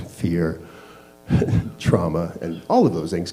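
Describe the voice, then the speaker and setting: A man's voice: sits low, sing-song, measured pace, mellow, faint music behind, poor audio. A man telling a candid personal story to a live audience, laughing at himself as he goes. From Canada. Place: small live venue.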